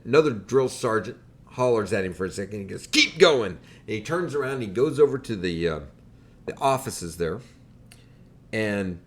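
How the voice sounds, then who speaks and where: A man hosting a podcast, telling a wry, animated story in a casual way. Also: on the low side. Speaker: podcast host.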